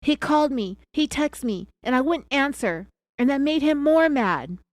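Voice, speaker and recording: An accused wife under questioning, played by the narrator herself screams her denials in a pitched-up, strained voice. She insists over and over. The recording is dry and close. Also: lively intonation, moderate pace, dry recording. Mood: defensive, insistent. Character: defensive woman under interrogation, accused wife.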